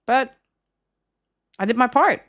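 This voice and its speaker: A woman's voice: a little high, animated, slow, a bit bright. A young woman streaming and chatting casually with viewers, giggling often and ranting with plenty of swearing. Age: young adult.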